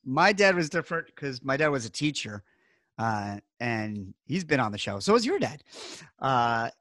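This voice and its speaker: A man's voice: medium pitch, sing-song, moderate pace, fairly bright tone, no echo, clean studio sound. A middle-aged man hosting a podcast, telling rambling wry stories in casual chat. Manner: rambling, wry storytelling with filler words. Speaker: podcast host.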